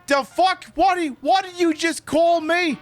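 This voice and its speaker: A man voicing a rough, foul-mouthed British gangster goon in a put-on British accent. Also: extremely high pitch, fairly even intonation, unhurried, faint music behind, voice pushed up. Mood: aggressive.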